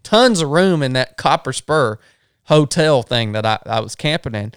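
A man's voice: mid-range voice, animated, moderate pace, clear, resonant tone, no echo, clean studio sound. A man recording a spoken camp log at a river sandbar, then telling a story in a drawling, folksy way.

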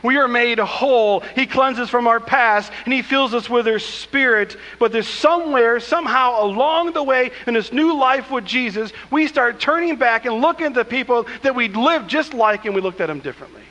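Male pastor, high and bright, emphatic preaching, long hall reverb. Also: moderate pace, hardly any pauses. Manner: preaching with emphatic asides, acting out quoted scripture. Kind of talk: sermon. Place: church sanctuary.

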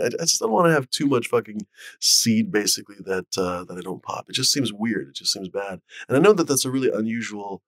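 Fast-talking low-voiced rambling man. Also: no room sound. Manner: rambling, lots of fillers and swearing. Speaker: livestream host. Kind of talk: casual livestream chat.

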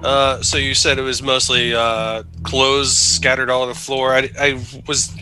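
A man taking his turn in a tabletop game, his voice very bright and sharp-edged. He hesitates and fills his sentences with filler words, with faint music behind him. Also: mid-range voice, flat delivery, moderate pace, low-quality recording. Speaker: player. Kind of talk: casual tabletop game chat.

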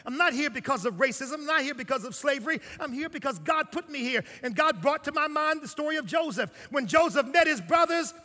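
An older man preaching a sermon, telling his story and swinging between hushed lines and shouts. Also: extremely high pitch, big-room sound.

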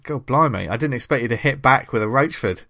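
A man's voice: mid-range voice, expressive, fairly quick, bright, forceful tone. A man hosting a comics podcast in casual chat, jokey and rambling, laughing often. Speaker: podcast host.

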